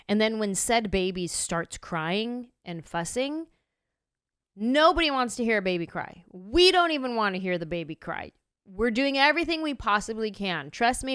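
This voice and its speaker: A woman in her thirties hosting a podcast, telling a story in a casual, animated way and acting out her own reactions. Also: mid-range voice, clear, resonant tone, no room sound, studio quality. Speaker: podcast host.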